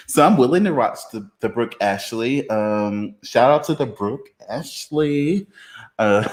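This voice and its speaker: Male livestream host, easygoing chatter over comments, a little tipsy, laughs freely, average-pitched voice. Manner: laid-back, laughs often, drawn-out fillers. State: a little tipsy after beers. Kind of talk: casual live chat reading comments.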